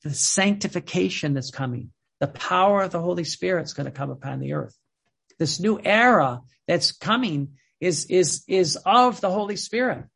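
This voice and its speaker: A man preaching with fervour, his voice pitched high with a gravelly edge. He often repeats words and phrases to drive a point home, in a husky tone. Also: animated, normal speed, fairly bright tone. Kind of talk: sermon.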